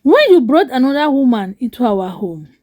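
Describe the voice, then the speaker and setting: A woman's voice: high-pitched, very animated, normal speed, darkish tone. A woman voicing a bitter grown daughter who confronts her father in an accusing manner.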